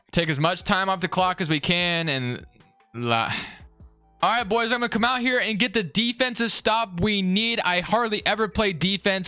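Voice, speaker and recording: A young man giving live commentary on his own football video game, excitable and swinging between frustration and hype. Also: fairly high pitch, smooth, no room sound. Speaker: gaming YouTuber.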